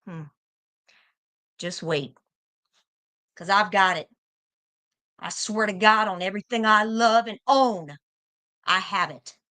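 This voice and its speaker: A woman's voice: mid-range voice, takes it slowly, pauses often, sharp tone. A young American woman arguing heatedly on a livestream, confrontational and profane, hammering her points by repeating them. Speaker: livestream guest.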